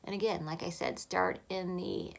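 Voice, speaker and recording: A woman talking through a makeup tutorial in a soft, chatty voice, often dropping to a half-whisper. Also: on the low side, normal speed, gravelly. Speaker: makeup vlogger.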